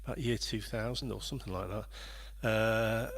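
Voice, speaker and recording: A man's voice: on the low side, fairly even intonation, normal speed. A man hosting a livestream, chatting casually and rambling a little as he greets viewers by name. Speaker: livestream host and performer.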